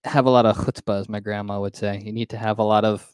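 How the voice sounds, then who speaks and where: A quick-talking man trades playful banter as a podcast co-host. His voice is on the lower side and the sound is dry and close. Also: little pitch movement, darkish tone, smooth, dry recording. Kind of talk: casual comedic chat.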